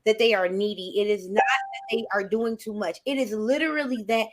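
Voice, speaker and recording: A woman's voice: a little high, moderate pace. A woman guest in casual conversation, talking earnestly and acting out what her clients say. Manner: earnest, animated, acts out quoted clients. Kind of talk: casual chat.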